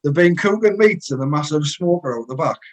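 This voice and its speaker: Sweary, animated man at a barbecue. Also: a little high, fairly quick. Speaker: co-host. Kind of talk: casual banter.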